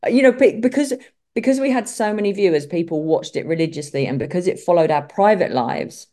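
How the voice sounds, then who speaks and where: A middle-aged woman with a Kent accent, a vet chatting as an interview guest and telling lively stories. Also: on the low side, fairly quick. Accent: Kent English. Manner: chatty storyteller, acts out quoted voices. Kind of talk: casual interview chat.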